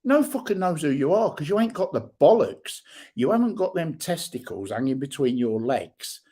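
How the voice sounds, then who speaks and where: A middle-aged man, hosting a livestream and ranting bluntly with heavy swearing and shouted bursts. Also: fairly high pitch, big pitch swings, moderate pace, slightly rough. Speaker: livestream host. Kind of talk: angry livestream rant.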